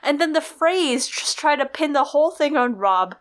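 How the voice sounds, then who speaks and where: Lively woman retelling a story. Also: high-pitched, moderate pace. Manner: animated, acts out characters' lines when retelling. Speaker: podcast co-host. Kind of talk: casual chat.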